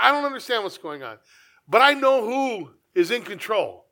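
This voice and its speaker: A male pastor preaching with a high, bright voice. He talks in an earnest, conversational way, dropping asides to his listeners. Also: lively intonation, normal speed. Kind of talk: sermon.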